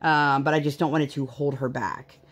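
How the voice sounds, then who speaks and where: A woman's voice: rumbling low, fairly even intonation, fairly quick. A woman in her thirties chatting casually while she works on a craft, rambling with lots of fillers. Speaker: vlogger.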